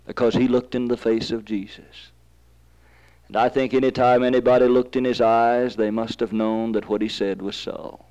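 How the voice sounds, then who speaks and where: A man's voice: mid-range voice, a little mellow, rough recording. A man preaching a sermon, telling stories and rising to fervent emphasis.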